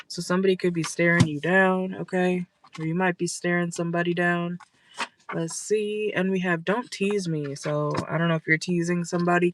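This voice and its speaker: A woman's voice: on the low side, rough recording. Blunt, stuffy-nosed woman tarot reader. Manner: blunt, scolding, profane, chatty. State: stuffy nose. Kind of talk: casual direct-to-camera reading. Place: in a car. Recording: noticeable background noise.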